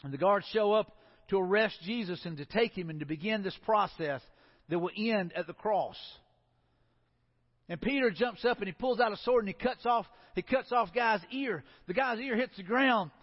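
High-voiced preacher in an echoing church. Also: male voice, moderate pace. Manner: earnest preaching, drops low and soft for emphasis. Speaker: pastor. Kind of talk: sermon. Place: church sanctuary. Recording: dull sound with long hall reverb.

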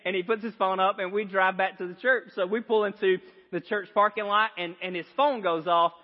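A high-pitched male pastor preaching a storytelling sermon, laughing often and repeating himself for emphasis. His voice rings out with a long echo in a church hall, and the sound is a little dull. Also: fairly even intonation, moderate pace. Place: church sanctuary.

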